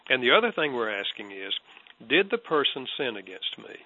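A man's voice: medium pitch, big pitch swings, normal speed. An older man, a guest counselor, answering an interview question with an earnest, reflective personal story. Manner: earnest, reflective, soft-spoken. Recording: dull lo-fi audio.

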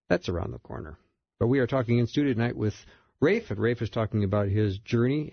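A man's voice: lowish voice, gravelly, slightly rough, dry recording, lo-fi sound. A man hosting a recovery radio talk show in the studio, with an upbeat announcer delivery.

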